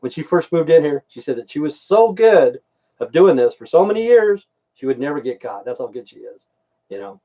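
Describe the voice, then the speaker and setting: A man's voice: a little high, big pitch swings, brisk, mellow. A middle-aged American man ranting angrily into the camera, swearing and repeating himself. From United States. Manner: profane, repetitive, heated. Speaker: vlogger. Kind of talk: angry ranting monologue.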